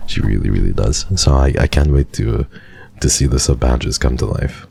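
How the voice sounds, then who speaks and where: A man's voice: very deep voice, vocal fry, warm tone, slightly rough. A man in his twenties from Canada, streaming and chatting casually with viewers in a rambling way. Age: 20s. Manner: rambling, chatty, quick restarts. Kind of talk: casual chat with live chat.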